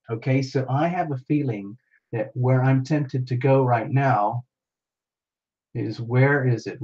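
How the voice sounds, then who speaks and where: A man's voice: mid-range voice, darkish tone, muffled recording. A man hosting a casual livestream, chatting playfully with viewers and reacting to their comments. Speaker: livestream host.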